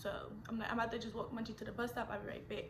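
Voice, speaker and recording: A woman, telling a storytime vlog in an animated, chatty, slangy way. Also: a little high, very fast, reverberant, background noise. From Philadelphia. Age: 20s. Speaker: vlogger.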